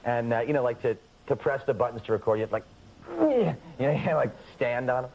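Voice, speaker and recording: A man's voice: medium pitch, quick pace, darkish tone. A man with a New York accent chatting as a talk show guest, playful and laughing often. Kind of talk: casual chat. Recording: noisy old TV tape.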